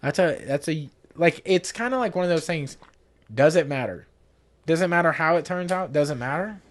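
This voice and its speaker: A man's voice: on the high side, lively intonation, normal speed. A young man co-hosting a podcast in casual chat, laid-back, swearing now and then and laughing often. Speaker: podcast co-host.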